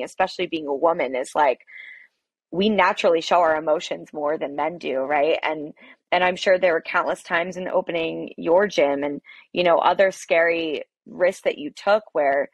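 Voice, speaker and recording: A woman's voice: on the low side, normal speed, no room sound. A woman coffee shop owner, a podcast guest telling her story in a candid, emphatic way. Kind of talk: podcast interview, personal storytelling.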